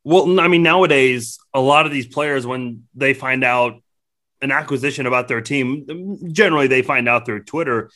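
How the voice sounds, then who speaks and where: A man hosts a casual interview, asking relaxed questions. His voice is bright and sharp, at a mid pitch. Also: moderate pace. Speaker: interviewer, host.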